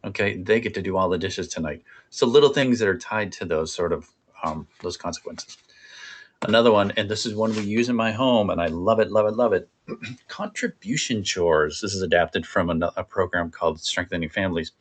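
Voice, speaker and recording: A man presenting a parenting workshop in a conversational, animated coaching way. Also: deep voice, a little fast, a little hiss or hum.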